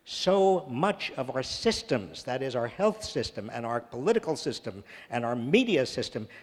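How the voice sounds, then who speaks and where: A man speaking at a public talk and answering audience questions, earnest and emphatic, repeating phrases for stress. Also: a little high. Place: large church hall. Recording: reverberant church hall.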